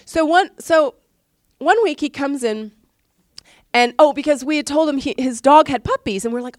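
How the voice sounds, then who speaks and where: A woman giving a personal testimony at a church service, a chatty and animated storyteller who laughs often and fills her speech with restarts. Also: sits high, normal speed, dry recording, clean studio sound. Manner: chatty, many fillers and restarts. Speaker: church speaker sharing a testimony.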